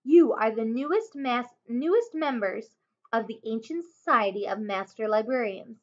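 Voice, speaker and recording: A woman voicing a wise, calm enchantress in a children's story, soft and soothing. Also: on the high side, normal speed. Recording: dull lo-fi home recording.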